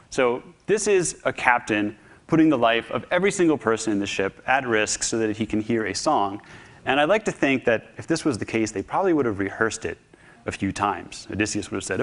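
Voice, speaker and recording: Man, public talk, animated storytelling, humorous, mid pitch. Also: moderate pace. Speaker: speaker.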